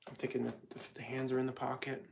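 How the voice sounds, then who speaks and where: A man's voice: mid-range voice, level tone, fast talker, creaky, slight background noise. A man casually talking to his live-stream viewers while painting, rambling to himself and getting heated when he rants. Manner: rambling, talks to himself and chat while working; gets heated and louder when ranting.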